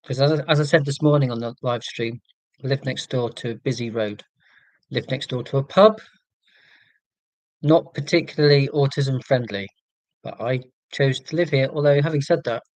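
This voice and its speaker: A Scottish man talks casually on his own live stream from home, wandering from thought to thought and poking fun at himself. His voice sits at an ordinary middle pitch. The sound is close and dry, with no room echo. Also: normal speed, a little mellow. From Scotland. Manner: rambling, self-deprecating, reads out viewer comments.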